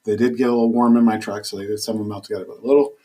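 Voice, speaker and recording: A man chatting as a podcast guest in an easygoing, agreeable way with quick affirmations. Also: lowish voice, flat delivery, dark tone. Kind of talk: casual chat.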